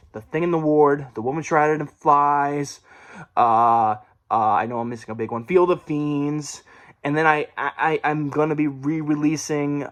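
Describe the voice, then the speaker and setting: In a room at home, a man with a rather high, slightly bright voice chats casually about a horror book. He laughs frequently, rambles, self-corrects, and is briefly out of breath.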